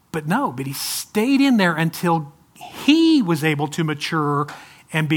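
A man preaching a sermon to a congregation, swinging from loud urging to soft, pleading asides. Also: a little high, big pitch swings, unhurried. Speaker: pastor.

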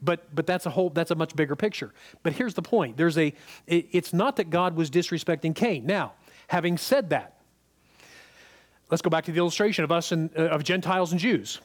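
A preacher with a high-pitched male voice delivers a sermon in an easy, conversational manner. He keeps asking the congregation whether they follow him and repeats words when he wants to stress a point. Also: brisk.

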